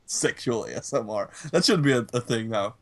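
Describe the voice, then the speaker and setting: A man's voice: mid-range voice, lively intonation, brisk, a crowd in the background. A man co-hosting a casual podcast chat, ranting in a rambling, profane way. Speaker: podcast co-host.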